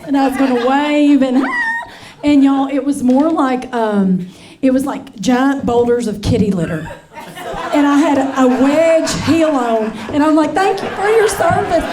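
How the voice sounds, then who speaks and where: A woman's voice: high-pitched, unhurried, noisy background. A woman in her forties doing a stand-up comedy set on stage, brassy and chatty, calling the crowd honey and y'all. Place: comedy stage before a live audience. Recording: live comedy show with crowd laughter.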